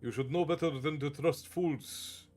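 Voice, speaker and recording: A man's voice: on the high side, a little slow, darkish tone, soft background music. A man voicing a cold, threatening male slaver who speaks in a harsh whisper. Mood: curt.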